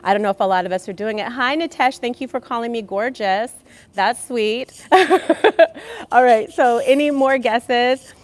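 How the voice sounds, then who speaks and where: A woman hosts a casual health livestream from home in Los Angeles, talking into a headset mic. Her voice sits a little high, and she is bubbly and affectionate, greeting chat viewers one by one with pet names and blown kisses. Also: moderate pace. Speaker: livestream host.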